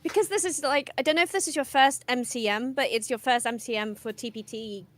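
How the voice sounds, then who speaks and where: A woman's voice: high-pitched, fairly quick, dry recording. A woman from England with a hard-to-place southern English accent, a guest on a casual stream chat, bubbly and rambling.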